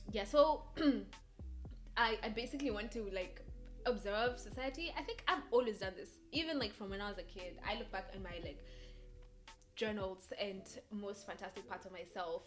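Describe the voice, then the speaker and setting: A woman's voice: mid-range voice, fairly bright tone. A young woman from Kenya with a Kenyan accent drifting American, hosting a casual solo podcast chat and hopping between thoughts with frequent laughs. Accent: Kenyan English drifting American. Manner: rambling, hops between thoughts, laughs often. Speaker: podcast host.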